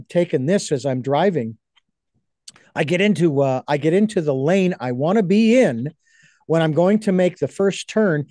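A man hosting an interview, speaking in a measured, reflective way with many pauses. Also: on the high side, dark tone, no echo, clean studio sound. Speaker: host. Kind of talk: casual interview chat.

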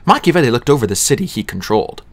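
Male audiobook narrator; animated, lively reading of a novel. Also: medium pitch, rapid-fire.

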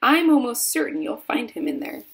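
A woman reading aloud voices an eccentric, brisk male chocolate factory owner who gives commands. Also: fairly high pitch, sing-song, slight background noise. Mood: instructing.

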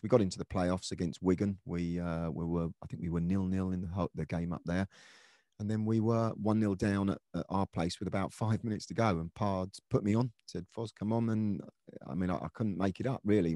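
An earnest middle-aged man recalls his playing days in a relaxed interview, pausing and restarting as he goes. His voice sits very low and mellow, recorded close and dry with no room sound. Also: no echo. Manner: earnest, reflective, many restarts and fillers. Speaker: former footballer, podcast guest. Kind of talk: conversational storytelling interview.

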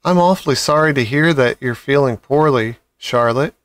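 A man voicing a gentle, earnest young male pig who worries about his friend, in a storybook reading. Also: mid-range voice, moderate pace, dry recording, natural voice. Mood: earnest worried.

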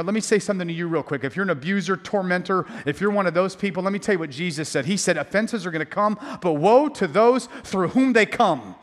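Guy pastor preaching, highish voice, punchy and repetitive w/ little jokes, big echoey church sound. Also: fairly bright tone. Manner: emphatic, repetitive preaching with jokey asides. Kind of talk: sermon.

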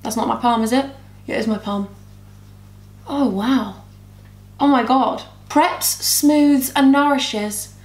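Young woman vlogger, high and bubbly, chats to herself through a makeup tutorial in an echoey room. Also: slow pace, pauses often, a little mellow. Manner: bubbly, rambling, talks to herself and her camera. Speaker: beauty vlogger. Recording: roomy echo.

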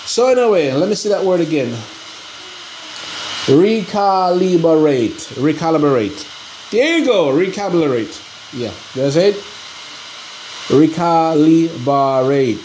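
Very animated at a moderate pace, an RC hobby vlogger with a voice on the high side and a little mellow complains to his viewers about a broken hobby part. Frustrated, he says he's pissed off, calls them guys, and rambles with hesitation, restarts and fillers. The echoey room has faint ambience and slight background noise.

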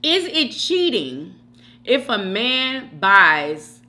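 A woman's voice: on the high side, big pitch swings, drawn-out words, bright, forceful tone. A middle-aged woman vlogger chatting casually while she eats, talking straight to her viewers and calling them y'all and girl. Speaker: mukbang vlogger. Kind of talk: casual gossip chat while eating.

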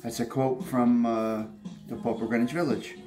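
A man's voice: medium pitch, little pitch movement, moderate pace, darkish tone, soft background music. A man hosting a casual morning coffee vlog, chatty and rambling with fillers. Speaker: host of a morning coffee show.

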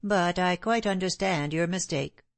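Stern gentleman in a storybook, hard-voiced and composed, read by a woman, low and unhurried. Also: no room sound. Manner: cold and composed.

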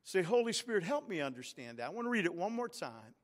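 Male pastor, high-pitched, unhurried sermon delivery with call-and-response, long church reverb. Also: big pitch swings. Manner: preaching with call-and-response, rising to emphatic peaks. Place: large church sanctuary.

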